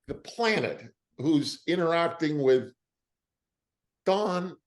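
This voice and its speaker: Older man telling lively anecdotes. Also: a little high, slow pace, pauses often. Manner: lively storyteller, emotional at times. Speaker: interview guest, actor. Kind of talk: animated anecdotes.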